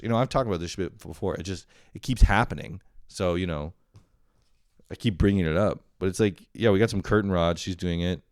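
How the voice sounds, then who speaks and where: Low, smooth-voiced man rambling on a podcast. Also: a little fast, darkish tone, dry recording, studio quality. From Canada. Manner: rambling, profane, self-deprecating, with frequent laughs. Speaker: podcast host. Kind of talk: casual solo podcast monologue.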